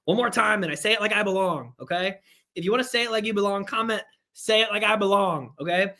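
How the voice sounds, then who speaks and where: A man leads a live sales training online, his voice somewhat high and sharp in tone, his pace quick. Full of energy, he repeats points to hammer them in and talks with viewers as he goes.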